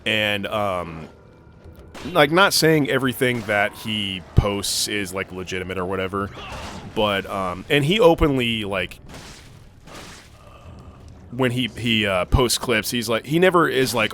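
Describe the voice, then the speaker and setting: A man's voice: fairly low pitch, lively intonation, a little slow, pauses often, fairly bright tone, a little hiss or hum. A young man co-hosting a gaming video, rambling through a long story full of fillers and swearing while he plays. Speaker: gaming channel co-host. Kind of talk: casual let's-play storytelling.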